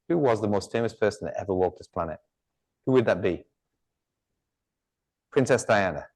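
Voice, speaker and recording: A man's voice: mid-range voice, a little mellow. A man giving a live woodturning demonstration, chatty and joking, with rambling asides.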